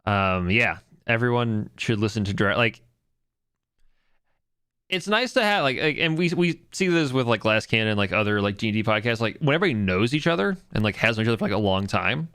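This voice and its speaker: Podcast co-host, male, bright crisp voice, rambling and profane. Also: on the low side, sing-song, fairly quick, no room sound, studio quality. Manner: rambling, lots of fillers and "like"; profane, enthusiastic. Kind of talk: casual chat.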